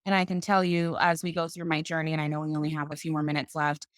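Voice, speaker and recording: A woman guest on a podcast, telling her own story in an animated conversational way. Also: low voice, quick pace, dry recording, studio quality. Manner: animated, acts out other people's voices in quotes.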